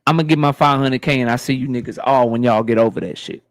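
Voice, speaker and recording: A man hosting a boxing livestream, ranting in a profane, animated, casual way straight to his chat. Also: medium pitch, fast. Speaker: boxing YouTube host.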